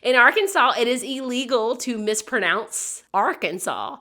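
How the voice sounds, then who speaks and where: Woman, podcast host, bright clear voice, chatty and amused storytelling. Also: medium pitch. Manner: chatty, amused, laughs between points. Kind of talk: casual history storytelling.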